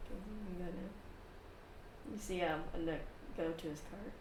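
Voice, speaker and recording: Woman game master, casual narration, quick laughs, faint background hiss. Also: lowish voice, recorded from a distance. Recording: echoey room, faint noise.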